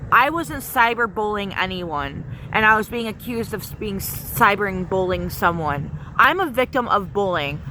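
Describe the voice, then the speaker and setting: Brief: woman vlogger, bright and sharp voice, heated rambling rant with lots of swearing. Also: mid-range voice, a little hiss or hum. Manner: angry, profane, many fillers. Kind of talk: casual spoken rant.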